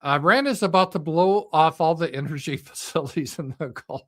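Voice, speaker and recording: On a live stream of political commentary, a middle-aged male host riffs unscripted, full of fillers, profanity, sarcasm and ridicule. He talks at a moderate pace with a voice on the high side.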